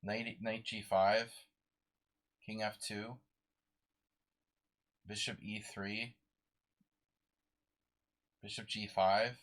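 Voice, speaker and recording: A man's voice: on the low side, flat delivery, very slow, long pauses, fairly bright tone. A sleep-deprived man streaming a live chess game, muttering moves to himself and chatting with viewers.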